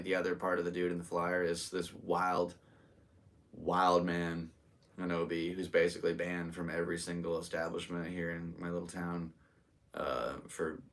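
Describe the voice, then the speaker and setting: A man's voice: sits low, a bit bright, far from the mic. A man in his thirties with an American accent, hosting a solo live podcast and chatting casually and rambling to his viewers. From United States. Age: 30s. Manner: rambling, easygoing, talks to viewers. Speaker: podcast host and stand-up comedian. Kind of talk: casual solo livestream chat.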